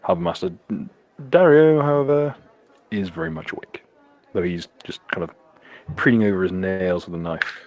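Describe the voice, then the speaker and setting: A man's voice: deep voice, normal speed. A man narrating a tabletop game as game master, laughing and swearing as he stumbles over words.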